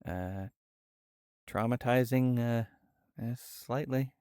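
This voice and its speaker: A young man streaming live, speaking in a halting, soft-spoken way with many fillers. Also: medium pitch, smooth, dry recording, studio quality. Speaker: livestreamer. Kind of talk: casual livestream chat. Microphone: VR headset setup.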